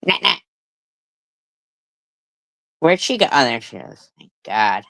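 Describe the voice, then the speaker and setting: A woman's voice: rumbling low, sing-song, moderate pace, creaky, fairly bright tone, no echo, rough recording. A middle-aged woman hosting a live stream, telling a rambling story with swearing and laughs. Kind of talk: casual live stream chat.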